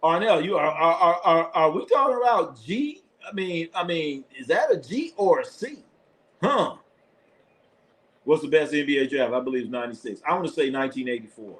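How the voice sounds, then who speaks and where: Guy doing live sports talk on his stream, blunt, swears a lot, laughs a bunch, mid-pitched voice. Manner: animated, laughing, blunt and profane. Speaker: sports show host. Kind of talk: live sports commentary and chat.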